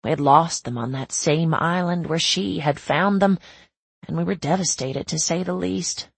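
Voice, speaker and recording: A woman narrating a first-person novel in a reflective, measured way with a husky, creaky voice. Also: deep voice, no room sound. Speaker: audiobook narrator.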